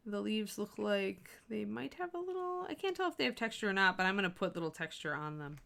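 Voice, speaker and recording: A woman's voice: mid-range voice, very animated, a little fast, vocal fry, fairly bright tone. A woman hosting a live miniature painting stream, talking casually and thinking aloud with plenty of fillers.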